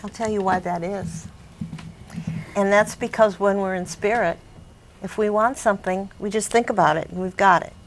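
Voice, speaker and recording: A woman's voice: mid-range voice, fairly even intonation, moderate pace, slight background noise. A woman psychic on a studio panel, explaining her view in a plain, folksy way.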